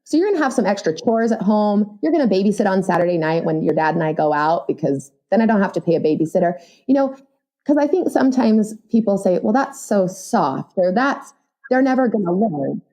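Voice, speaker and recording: A woman in her thirties, a writer and mother, speaking as a podcast guest, earnest and animated with frequent fillers. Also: mid-range voice, fast talker. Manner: earnest, animated, lots of "like" and "you know". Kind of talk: casual conversational interview.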